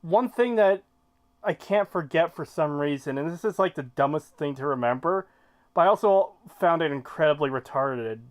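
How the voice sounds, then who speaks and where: A man's voice: fairly high pitch, lively intonation, normal speed. A man chatting casually on a podcast, with dry, sarcastic quips. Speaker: podcast co-host. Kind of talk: casual chat.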